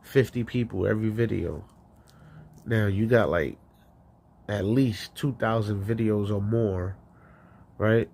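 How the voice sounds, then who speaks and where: A man's voice: lowish voice, slow, vocal fry, pauses often, a little mellow, slight background noise. A man hosting a call-in podcast, rambling and swearing with frequent laughs. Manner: rambling, profane, laughing often. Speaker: podcast host. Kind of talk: casual call-in show rant.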